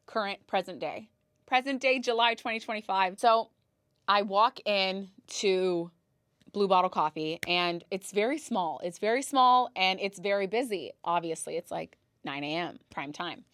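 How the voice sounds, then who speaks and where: A young woman hosts a podcast, telling stories in a casual, dramatic monologue full of gasps and swearing for effect. Her medium-pitched voice is fairly bright, at a normal speed, captured in a dry, clean studio recording.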